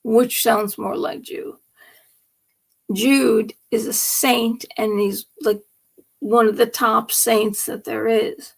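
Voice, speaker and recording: A woman's voice: fairly high pitch, level tone, slow pace, gravelly, breathy edge. A woman hosting a late-night live stream, talking through politics and faith in a rambling, emphatic monologue that often drops to a whisper.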